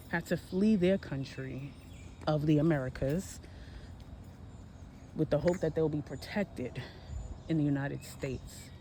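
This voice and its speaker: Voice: medium pitch, mellow. A person in their forties chatting casually while out walking on a hot day, rambling and correcting themselves as they talk about history. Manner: rambling, conversational, self-correcting. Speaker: history vlogger. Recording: noisy outdoor phone recording.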